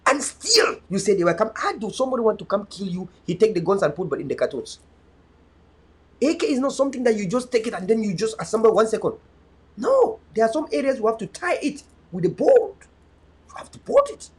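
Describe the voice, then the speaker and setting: A man's voice: high voice, very animated, a little fast, slightly rough. A man, hosting an online show and giving an impassioned, pleading address with a preacher-like cadence.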